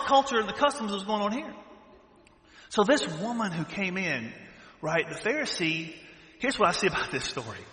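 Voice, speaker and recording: Southern preacher guy, animated, goes loud then quiet, roomy echo. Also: high-pitched, normal speed. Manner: animated, swings from loud to hushed. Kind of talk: sermon. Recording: echoey hall reverb.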